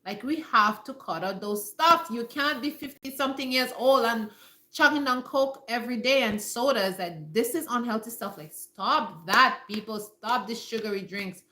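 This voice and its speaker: A woman with a bright, sharp, fairly high voice gives casual live-stream health advice from home. She talks emphatically, hammers her points home by repeating them, and speaks straight to her viewers. The room sounds echoey. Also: moderate pace. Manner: emphatic and repetitive, addressing viewers directly. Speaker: health talk host.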